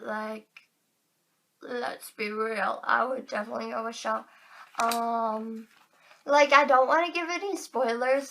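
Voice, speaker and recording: A woman's voice: sits high, a bit bright. A teenage girl vlogging to camera in casual chat, chatty and giggly, filling her talk with "like", a bit tired.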